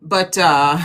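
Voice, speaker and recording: A woman moderating an online town hall over a video call, talking in an animated, lively way. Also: fairly low pitch.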